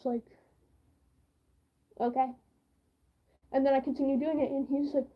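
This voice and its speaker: A high, girlish female voice rambling through a casual livestream story, full of "like" and "um". She gets whiny when she re-enacts her complaints. The sound is muffled and lo-fi. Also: level tone, normal speed, long pauses. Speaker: livestream host. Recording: dull lo-fi stream audio.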